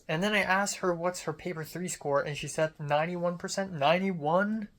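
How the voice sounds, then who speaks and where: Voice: mid-range voice, normal speed, few pauses, fairly bright tone. A young adult student vlogger in a casual venting monologue, rambling, self-critical and swearing freely.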